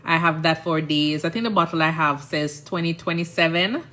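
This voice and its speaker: A Jamaican woman chats casually on her livestream, her voice bright and forceful though pitched fairly low. She rambles through stories and keeps checking in with her listeners, asking if they understand. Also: normal speed. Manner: chatty, rambling, often asks "you understand?". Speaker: nurse and livestream host.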